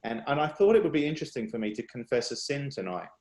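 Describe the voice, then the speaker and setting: A man's voice: mid-range voice, very animated, darkish tone. Earnest man, roomy echo. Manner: earnest, confessional, halting with restarts. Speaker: speaker at a worship workshop. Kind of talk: personal testimony. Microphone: video call.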